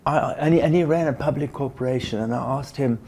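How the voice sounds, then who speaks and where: A man's voice: mid-range voice, quick pace, creaky, darkish tone, slight background noise. An older man, a business educator, recounting in an anecdotal way how his work began, with restarts and acted-out dialogue. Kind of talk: reflective storytelling.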